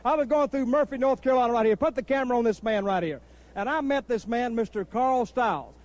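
A man cutting a wrestling promo in a very high voice, spinning a folksy tale between boasts. He taunts his rival with a cocky, drawling ease. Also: fast, a little mellow. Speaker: pro wrestler.

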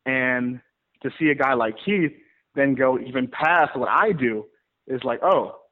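A man who wrestles, telling stories in a rambling, animated way in a casual interview. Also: medium pitch, unhurried. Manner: rambling, animated storyteller with many restarts. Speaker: pro wrestler guest. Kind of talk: casual interview over the phone. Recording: tinny phone line.

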